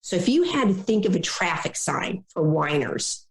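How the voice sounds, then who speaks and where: Gravelly woman with lively podcast delivery. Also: fairly low pitch, normal speed, roomy sound. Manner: lively, acts out whiners and complainers in quoted voices. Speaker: guest consultant on difficult people. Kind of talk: podcast interview.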